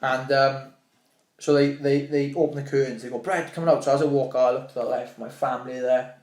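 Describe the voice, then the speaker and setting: A fast-talking young Welsh man tells animated, swear-laden stories in a casual podcast chat, acting out the voices of people he quotes. His voice sits at a middle pitch. The room sounds echoey. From Wales. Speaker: podcast guest, fighter.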